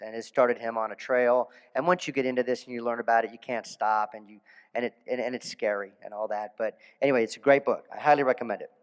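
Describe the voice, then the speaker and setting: A man, a dentist, giving a conference lecture in a casual storytelling way, animated, with restarts and asides. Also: medium pitch, in a large hall. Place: conference hall.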